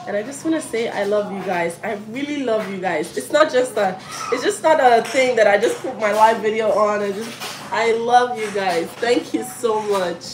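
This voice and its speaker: A woman's voice: a little high, normal speed. A young woman from Africa, chatting effusively on a live cooking stream at home and calling out to her children. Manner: effusive and emotional, calls out sharply to her children. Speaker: vlogger livestreaming while cooking. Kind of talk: casual live-stream chat. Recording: echoey room with noisy background.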